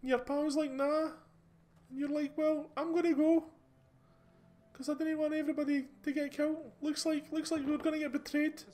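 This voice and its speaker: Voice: sits high, little pitch movement, normal speed, a little mellow. A host with a Scottish accent giving casual, rambling commentary over gameplay, chatty and full of restarts. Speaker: gaming channel host.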